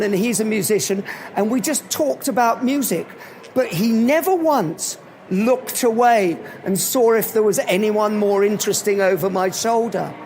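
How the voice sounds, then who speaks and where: A man giving a live motivational talk at an event, telling animated anecdotes. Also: sits high, slight background noise. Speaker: motivational speaker.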